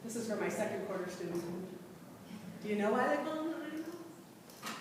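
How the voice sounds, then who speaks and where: A woman teaching a class and quizzing the students, lively, recorded from far off in a large lecture room. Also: fairly high pitch, a little fast, noisy background. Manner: lively, asks the class questions. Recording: echoey hall from far off.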